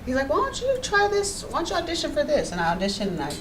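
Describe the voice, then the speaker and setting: Woman, guest storyteller, lively, acts out quotes, distant mic, faint background noise. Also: high voice, quick pace. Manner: animated storyteller, laughs often, acts out quotes. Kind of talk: casual storytelling chat. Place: radio studio.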